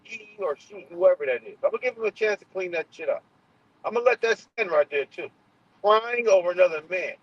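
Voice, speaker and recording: A man's voice: high voice, animated, fairly quick, slightly rough, no echo. A man hosting a casual livestream, heated and profane, often restarting his sentences. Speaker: channel host. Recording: muffled lo-fi sound.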